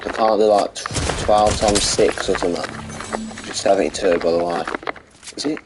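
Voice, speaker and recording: Guy ranting, lowish voice, loads of swearing and fillers, noisy background. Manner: rambling, sweary, exasperated. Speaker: vlogger. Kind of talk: casual rant.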